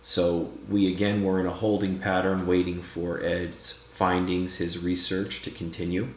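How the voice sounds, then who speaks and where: A man with a very deep voice narrates a paranormal vlog at a slow, deliberate pace, at times calling out to unseen guides. The sound is echoey and roomy, as if recorded in a bare room. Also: flat delivery. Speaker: paranormal investigator. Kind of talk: vlog narration and spirit session.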